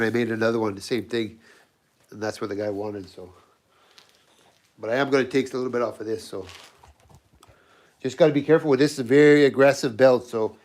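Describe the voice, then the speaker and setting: A man with a scratchy voice from a cold, talking loosely through his knife work in a home workshop livestream. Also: medium pitch. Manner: loose, rambling, often restarts sentences. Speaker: knifemaker and channel host. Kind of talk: casual workshop livestream demo.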